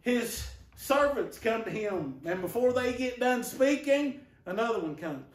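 High-voiced preacher in an echoing church. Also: male voice, animated, a little slow, far from the mic. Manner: rhetorical questions to the congregation. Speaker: pastor. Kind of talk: sermon. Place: church sanctuary.

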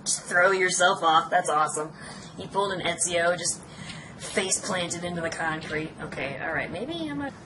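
Recorded at home with poor audio, background music, and clear background noise, a young woman gives teasing let's play commentary. She speaks at normal speed in a lowish voice and laughs often.

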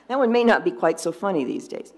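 A woman's voice: lowish voice, creaky. A woman lay presenter giving a sermon full of jokes, telling them dryly and unhurriedly with small restarts. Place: congregation fellowship service.

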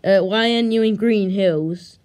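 A woman's voice: mid-range voice, a little slow, darkish tone, lightly acted. A woman voicing baby Sonic, a lazy, blunt male hedgehog, in a homemade toy skit, talking in an offhand mumble. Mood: mumbling.

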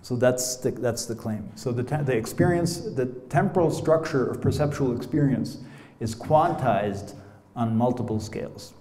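A man's voice: medium pitch, moderate pace, dark tone. A middle-aged man with an American accent giving an academic lecture, chatty and playful, with frequent "you know" asides. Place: lecture hall. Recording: roomy lecture hall sound.

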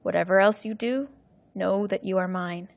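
A woman reading aloud and voicing a calm, fatherly male sea god in a solemn, measured way. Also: medium pitch, creaky, dry recording, natural voice.

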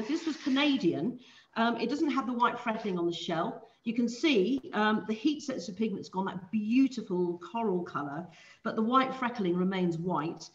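A woman's voice: medium pitch, echoey room, dull audio, slight background noise. A woman presenting an online seafood masterclass, explaining preparation in a chatty way with frequent ums and self-corrections over a video call. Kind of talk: live online cooking demonstration.

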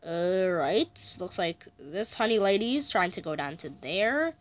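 A man narrating his gameplay in a bright, forceful voice. He chats along, mutters and swears mildly when things go wrong, and taunts opponents with yelled challenges. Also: high voice, lively intonation, a little slow. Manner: mutters frustration, mild swearing. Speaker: gamer. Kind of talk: let's play commentary.

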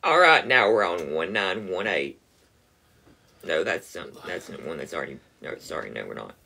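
A man making live-streamed prank calls, earnest and deadpan. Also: low-pitched, normal speed, vocal fry. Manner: deadpan, earnest put-on complaints.

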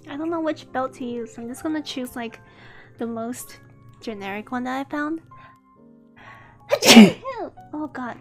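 A woman's voice: high voice, moderate pace, soft background music. A woman streamer chatting casually on a live stream, stuffy-nosed and sneezing, apologizing often between sneezes and coughs.

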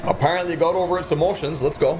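A man's voice: on the high side, steady tone, rapid-fire, over loud music. A man streaming slot games, who keeps up profane, joking commentary and talks back to the games as he plays. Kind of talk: casual gambling commentary.

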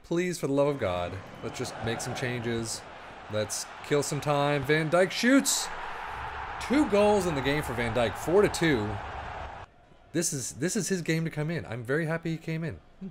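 A man casually commenting on his own football management game as he plays, thinking aloud and breaking into quick play-by-play. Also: a little high, animated, noisy background. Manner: chatty, rambling, thinks aloud, bursts into play-by-play. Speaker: gaming YouTuber.

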